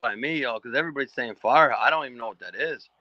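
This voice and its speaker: Fast-talking northeastern US man, lo-fi sound. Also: mid-range voice, dry recording. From Pennsylvania. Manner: brief quick interjections. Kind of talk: casual chat on a live stream.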